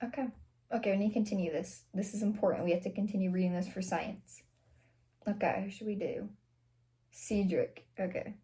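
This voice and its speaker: A young woman reading fan fiction aloud on a vlog, breaking off for sarcastic, animated asides and swearing. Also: mid-range voice, fairly quick. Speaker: fanfiction reader vlogger.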